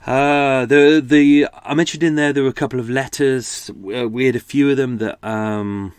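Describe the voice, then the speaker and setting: A man's voice: medium pitch, steady tone, normal speed, smooth, dry recording, clean studio sound. A man hosting a true-crime podcast, talking casually with jokey, rambling asides. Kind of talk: casual chat.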